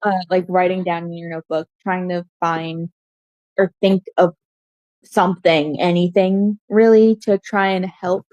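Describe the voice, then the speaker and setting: A woman runs a tabletop game as its game master, talking through scenes in a thoughtful, hedging way. Her voice sits a little low. The sound is dry and close, with no room around it. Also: steady tone, measured pace, a little mellow, no echo, highs cut off.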